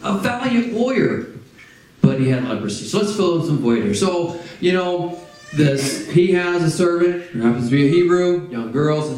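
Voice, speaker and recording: A man preaching a sermon, retelling a scripture story in a casual, animated way and acting out the figures in it. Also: a little high, moderate pace, heavy reverb, slight background noise, low-quality recording. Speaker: pastor.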